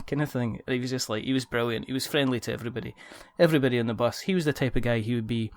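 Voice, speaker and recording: Brief: podcast host, medium pitch, dry room, relaxed storyteller who laughs at his own bits. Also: very fast, few pauses, dry recording. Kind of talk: casual chat.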